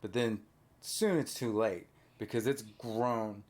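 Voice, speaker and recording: A man's voice: fairly low pitch, takes it slowly. A man telling a movie plot in casual chat, quizzing a child with questions and tag questions. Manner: animated storyteller, prompting with questions. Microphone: on camera.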